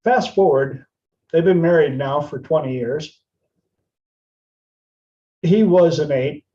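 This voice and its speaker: A man hosts a podcast and spins a casual anecdote at an unhurried pace. His voice sits a little high yet sounds mellow and relaxed. The recording is dull and lo-fi. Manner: retells anecdotes, slipping into playful voices for the people in them. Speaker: podcast host. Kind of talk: casual storytelling monologue.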